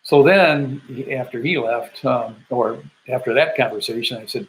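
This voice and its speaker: An older man from Michigan, a military veteran, telling a personal story in an animated way and acting out the people in it. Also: mid-range voice, moderate pace, rough recording. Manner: animated, acts out the voices of people in his story.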